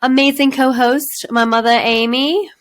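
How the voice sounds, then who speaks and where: A woman's voice: high voice, fairly even intonation, measured pace. A woman hosting a casual family podcast and reading out trivia questions in an upbeat, playful way. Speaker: podcast host.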